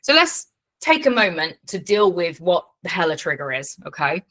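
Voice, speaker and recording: A woman's voice: on the low side, moderate pace. A woman coaching a live online workshop in a casual, frank way, swearing freely and explaining things with lots of fillers. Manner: animated teaching with fillers.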